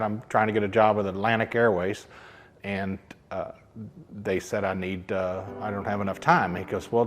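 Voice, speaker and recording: A man, a pilot, telling stories from his career in a casual interview and acting out the quoted dialogue. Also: lowish voice. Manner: anecdotal, acts out quoted dialogue.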